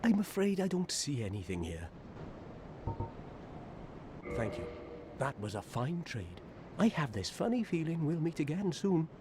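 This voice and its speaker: An actor playing a sly, courteous male wandering merchant with a Welsh accent, speaking softly and knowingly. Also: fairly high pitch, big pitch swings, measured pace, pauses often, noisy background. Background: game music.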